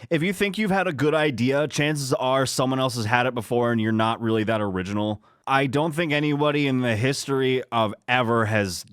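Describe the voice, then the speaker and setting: A man with a smooth, clear voice banters on a podcast, poking fun with mock-judgmental jokes. He sits close to the mic in a dry, dead room. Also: medium pitch, fairly quick, hardly any pauses, dry recording. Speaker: podcast co-host. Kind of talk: casual comedic chat.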